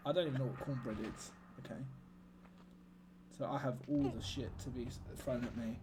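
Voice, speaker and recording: A man's voice: medium pitch, fairly even intonation, a little fast, noisy background. A man livestreaming a game, chatting casually and joking with his chat. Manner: chatty, jokey banter with chat. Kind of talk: casual gaming stream chat.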